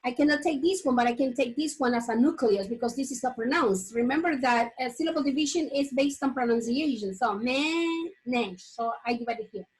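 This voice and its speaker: A woman teaching a phonics lesson, whose first language is Spanish. She says words slowly and repeats them, restarting often and checking with the class. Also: high-pitched, poor audio.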